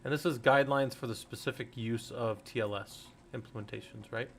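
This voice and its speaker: A man's voice: medium pitch, steady tone, fairly quick, vocal fry, a bit bright, a little hiss or hum. Guy rambling thru a casual tech stream, middle-aged, cuts himself off a lot. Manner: rambling, self-interrupting, laughs at own jokes. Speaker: host. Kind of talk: casual livestream teaching.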